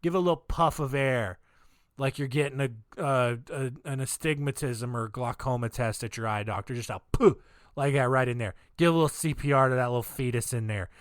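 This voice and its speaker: A drunk man voicing a sleazy male cult leader, dropping his voice low into a soft, creepy drawl. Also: a little fast, dry recording, clean studio sound, natural voice. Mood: leering.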